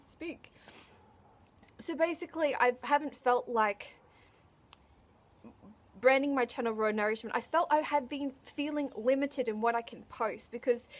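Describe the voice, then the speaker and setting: Tearful high-voiced woman vlogging. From Australia. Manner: emotional, choked up, halting with restarts. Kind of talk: unscripted to-camera vlog.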